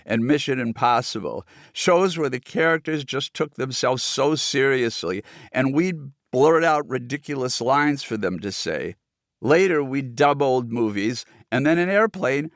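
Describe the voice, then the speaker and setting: A man, a film director, telling his own story as audiobook narration in a lively, animated way. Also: medium pitch, no echo, clean studio sound. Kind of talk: oral-history audiobook narration.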